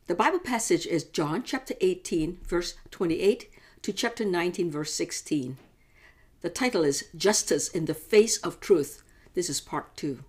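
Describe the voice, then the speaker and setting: Female devotional host, calm scripture reader. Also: fairly low pitch, breathy edge. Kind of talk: scripture reading.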